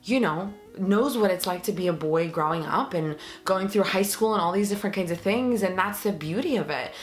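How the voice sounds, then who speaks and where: A woman's voice: medium pitch, brisk, soft background music. A young pregnant woman talking earnestly and emotionally to her viewers in a casual vlog, with many fillers. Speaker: vlogger. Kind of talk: casual vlog talk to camera.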